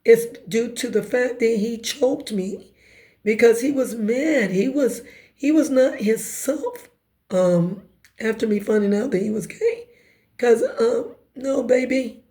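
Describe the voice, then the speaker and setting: Raspy woman, slightly high, warm tone; emphatic conversational testimony. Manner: emphatic, conversational, quick asides. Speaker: speaker giving personal testimony. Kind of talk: personal testimony storytelling.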